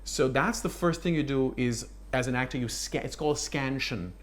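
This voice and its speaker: A man's voice: medium pitch, normal speed, slight background noise. A man explaining verse in an interview, demonstrating the rhythms aloud.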